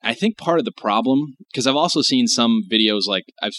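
A man's voice: medium pitch, lively intonation, a little fast, a bit bright. An American man rambling in casual chat, curious and full of fillers. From United States.

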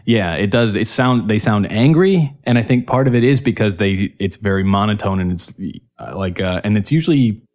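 Casual podcast co-host: a man with a lowish voice, blunt, opinionated, swears a lot. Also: normal speed, hardly any pauses, darkish tone. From northern United States. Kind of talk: casual chat.

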